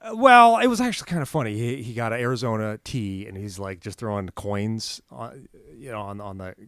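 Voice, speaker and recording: A man's voice: lowish voice, a little fast, clean tone, dry recording, clean studio sound. A man co-hosting a podcast, chatting casually and acting out the people in his stories. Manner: animated storyteller, acts out quotes loudly. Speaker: podcast co-host. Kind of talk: casual chat.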